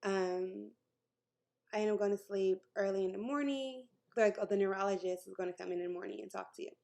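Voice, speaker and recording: A woman's voice: medium pitch, brisk, vocal fry, mellow. A young woman casually telling a personal story in a vlog, chatty, laughing often and acting out what others said. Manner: chatty, laughs often, acts out quoted voices. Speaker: vlogger telling her story.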